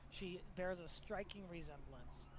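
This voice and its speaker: A man's voice: high voice, unhurried. Man narrating a tabletop game over noise. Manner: descriptive, hesitant restarts. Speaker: game master. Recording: noisy background hiss.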